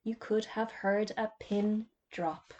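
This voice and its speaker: A woman reading a children's storybook aloud in a gentle, measured narrating voice. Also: medium pitch, steady tone, dull audio.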